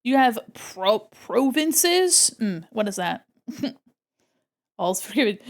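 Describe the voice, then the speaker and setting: A woman with a fairly high voice, from the United States, chats casually with a friend while she draws live on stream. She keeps the talk light and jokey and often drops into goofy voices. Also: sing-song, slow. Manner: playful and jokey, slipping into silly voices.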